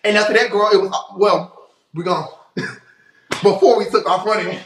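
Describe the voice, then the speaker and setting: A breathless man livestreaming, loudly acting out a fight story with profanity and sound effects. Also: high-pitched, fairly even intonation, normal speed, distant mic. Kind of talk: animated storytelling. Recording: roomy echo, faint noise.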